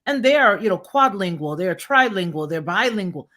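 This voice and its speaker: American woman, panel host, earnest emphatic delivery, medium pitch. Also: expressive, moderate pace, pushed and bright. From United States. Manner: earnest, emphatic, laughs while telling stories. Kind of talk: casual panel discussion.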